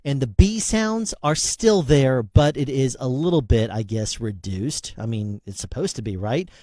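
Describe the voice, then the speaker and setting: A man talking up close into a handheld dynamic mic in a small room at home, his pitch bouncing around as he reviews the gear. The sound is dry, with no roominess around his voice. His delivery is relaxed and conversational, like a hands-on demo. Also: a little slow, dry recording. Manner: conversational, demonstrating into different mics. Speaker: product reviewer. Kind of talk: casual product review demonstration. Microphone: handheld dynamic microphone, close.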